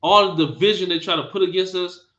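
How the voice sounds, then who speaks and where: A man's voice: high-pitched, fairly even intonation, fast, fairly bright tone. A man preaching a Bible teaching sermon, emphatic and scolding, repeating phrases for force. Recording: dull lo-fi recording.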